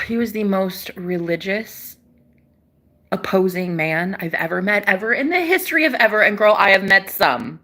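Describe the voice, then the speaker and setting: Young woman, bright and forceful, casual spiritual vlogger, preachy and emphatic, swears, calls viewers baby. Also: mid-range voice, normal speed. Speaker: spiritual channel host. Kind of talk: casual spiritual talk to camera.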